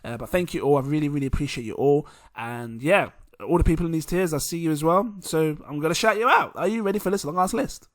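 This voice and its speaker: A man's voice: fairly high pitch, quick pace, dry recording, clean studio sound. A man giving casual market commentary to camera, laid-back and rambling with lots of fillers. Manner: excitable, giggly when reading supporter names. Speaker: crypto channel host.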